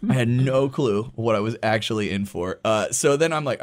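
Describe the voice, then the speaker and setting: A man in his thirties co-hosting a podcast, telling a story in a casual, animated way, acting out quoted voices and swearing freely. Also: lowish voice, a little fast, few pauses. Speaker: podcast co-host. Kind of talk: casual storytelling among friends.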